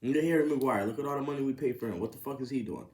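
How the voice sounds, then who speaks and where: A man's voice: medium pitch, racing. Swearing guy ranting about football, gets worked up, echoey room. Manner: profane, excitable, rising to incredulous outbursts. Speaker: podcast host. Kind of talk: casual sports rant. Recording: roomy echo.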